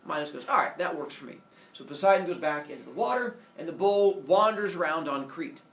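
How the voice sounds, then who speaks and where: A man casually retelling a myth with playful, animated delivery and silly character voices. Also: fairly high pitch, fairly quick. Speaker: storyteller. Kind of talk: casual oral storytelling. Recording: echoey room, mic from far off, faint noise.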